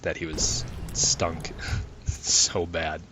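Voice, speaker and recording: A young man with a low, deep voice chats loosely while he plays, telling stories and cursing freely. He swings between flat, offhand remarks and sudden angry bursts at the game. Loud music plays clearly under his voice. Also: extremely slow. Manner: swears a lot, rambling, flares into angry outbursts. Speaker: gaming channel host. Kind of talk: casual gameplay commentary. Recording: music playing loudly behind.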